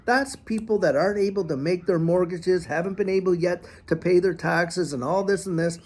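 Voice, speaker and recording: A man hosting a finance channel, giving a folksy, animated commentary monologue and repeating phrases as he talks. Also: high-pitched, normal speed. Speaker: crypto channel host.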